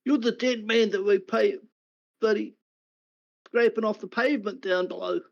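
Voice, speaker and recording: Dude doing a bossy rough guard, pushed-up voice, kinda muffled audio. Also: male voice, high-pitched, normal speed, pitched above the performer's own voice. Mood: brusque. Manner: brusque, curses, orders people about. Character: rough adult male city guard, bossy. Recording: dull lo-fi recording.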